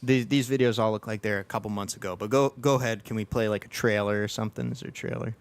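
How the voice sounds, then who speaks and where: A man's voice: fairly low pitch, fairly even intonation, fast talker, smooth. A man hosting a podcast, chatting casually and rambling through many restarts and fillers. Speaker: podcast host. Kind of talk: casual chat.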